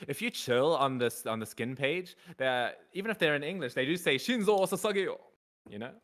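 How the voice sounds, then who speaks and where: Male caster, bright forceful tone, excitable and slangy. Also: mid-range voice, brisk. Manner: excitable, casual, says "man" and "bro". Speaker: esports caster. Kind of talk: live esports commentary.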